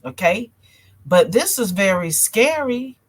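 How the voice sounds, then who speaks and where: A woman's voice: medium pitch, animated, slow, breathy edge. A woman from North Carolina with a country twang, hosting a casual political talk show and chatting with viewers. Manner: chatty, addresses viewers as y'all, reads comments. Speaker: show host.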